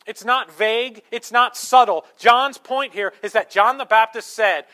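A man's voice: sits high, moderate pace, hardly any pauses, sharp tone. A man preaching a sermon as pastor, earnestly teaching through scripture point by point in a church.

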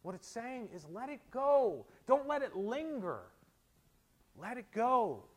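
A middle-aged man preaching a sermon as a pastor, moving between quiet storytelling asides and forceful exhortations. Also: very high voice, sing-song, slow pace.

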